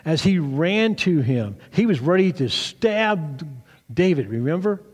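A man's voice: a little high, big pitch swings, a little slow, long reverb tail. A man pastor giving a children's sermon, retelling a story with animation and asking the kids questions.

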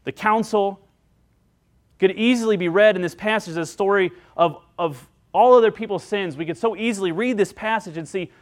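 Man, pastor, sermon, earnest, slightly high voice, acts out quotes. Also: animated, moderate pace. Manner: earnest, acts out quoted lines with rising pitch and volume.

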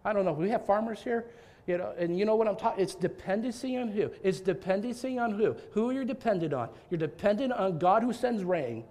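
A male pastor preaches with a lively, high-pitched voice that leaps all over the place. He talks in an animated way, repeating words as he restarts and throwing rhetorical questions out to his congregation. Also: fairly quick. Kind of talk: sermon.

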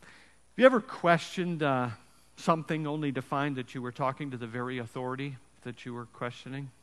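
A man preaching a sermon with an emphatic storytelling delivery and dramatic pauses. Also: mid-range voice, fairly bright tone, smooth, long reverb tail. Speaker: pastor.

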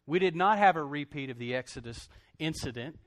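A man's voice: a little high, expressive, fairly quick. A male pastor, telling a personal story in a sermon and speaking straight to his congregation.

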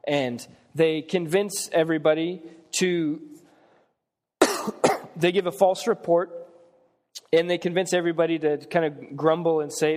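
A man's voice: on the high side, unhurried, a little mellow, in a large hall. A man preaching a sermon, reading scripture and retelling Bible stories in plain conversational words.

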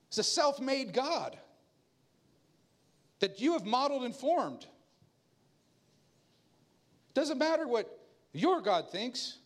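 A pastor with a high-pitched voice preaches a sermon, taking it slowly and pausing often. He's animated and conversational, with asides and laughs, and jumps into an even higher voice to act out the people he quotes.

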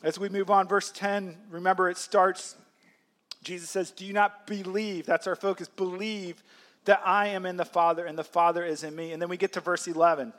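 Man, pastor, sermon, high-pitched voice, conversational preaching, acts out quotes. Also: level tone, normal speed, a bit bright. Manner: conversational preaching with light laughs and acted-out quotes.

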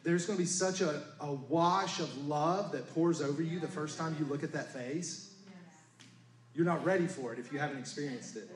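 A man's voice: on the high side, normal speed. A man preaching a sermon in an earnest manner, at times rising to fervent appeals. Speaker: pastor. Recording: roomy hall with live music. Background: guitar playing.

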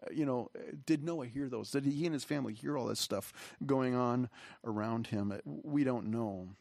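Male pastor, mid-pitched, earnest and rambling, close and dry sound. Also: normal speed, gravelly, darkish tone, no echo. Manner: rambling, earnest, with many restarts and fillers. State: emotional, voice catching. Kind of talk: conversational sermon. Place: church hall.

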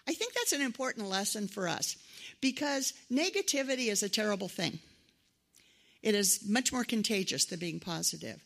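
A woman's voice: medium pitch, normal speed, vocal fry. A middle-aged woman preaching a conversational sermon, telling personal stories and acting out the voices of the people in them. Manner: conversational, animated quoted voices.

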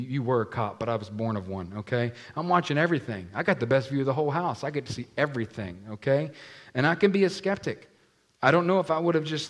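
A man preaching a sermon to a congregation, acting out the voices in the scripture story and asking the room questions. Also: mid-range voice. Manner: animated, acts out scripture voices, talks to the congregation. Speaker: pastor.

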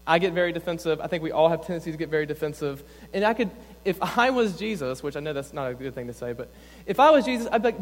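A man's voice: on the high side, animated, fast talker. A young adult man, a campus pastor, preaching a sermon in an earnest, conversational way, often saying "like". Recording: long reverb in a church hall.

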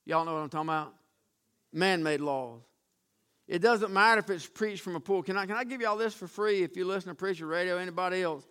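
Male preacher, high and crisp, emphatic sermon delivery. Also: fast talker, a bit bright. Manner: emphatic, repetitive restarts, addresses congregation.

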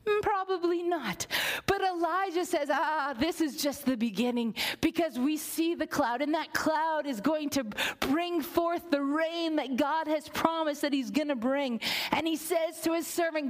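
A woman with a high voice preaches a sermon. She tells the story with energy, acts out the characters' lines, and drops to a whisper to drive a point home. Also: a little slow.

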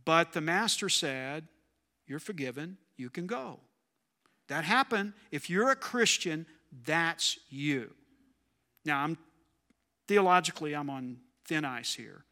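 A man's voice: on the high side, expressive, takes it slowly, pushed and bright. Conversational man preaching in a reverberant hall. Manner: conversational, asks the audience questions. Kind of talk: sermon.

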